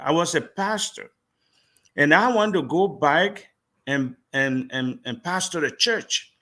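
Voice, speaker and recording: A middle-aged man from Liberia talks as a guest, recounting his journey as a lively storyteller. His voice is bright and a touch high, and he acts out each quoted line. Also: slow. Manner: animated storyteller acting out quoted dialogue. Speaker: guest, pastor. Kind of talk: storytelling in a live interview.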